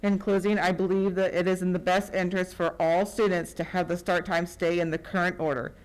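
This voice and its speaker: Student speaker, clean smooth voice, formal steady read of prepared remarks. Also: medium pitch, fairly quick, low-quality recording. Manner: formal, steady, reads citations. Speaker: student speaker at school board meeting. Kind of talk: reading a prepared statement.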